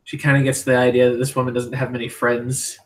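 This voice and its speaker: A man's voice: mid-range voice, completely flat delivery, a little fast, poor audio. Laid-back man narrating as player. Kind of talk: narrating a tabletop game.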